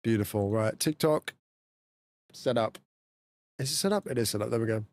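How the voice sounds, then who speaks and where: A man streaming, chatting casually and laughing, dropping to low mutters and jumping to high exclamations. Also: moderate pace, a little mellow. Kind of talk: casual live-stream chat.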